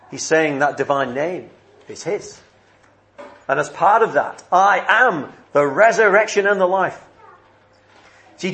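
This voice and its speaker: Preacher, male, slightly high voice, earnest measured sermon delivery, emphatic repetition. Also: fairly bright tone.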